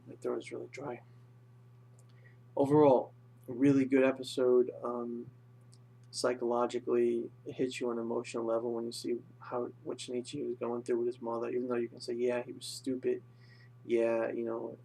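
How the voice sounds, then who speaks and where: A man's voice: mid-range voice, vocal fry, a little mellow, slight background noise. A young man casually recapping and reviewing an episode, rambling with lots of fillers. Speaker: anime reviewer.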